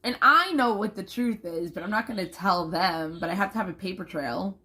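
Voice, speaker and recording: A woman's voice: mid-range voice, moderate pace, bright, forceful tone. A young woman talking casually to camera in a rambling, emphatic vlog, swearing freely.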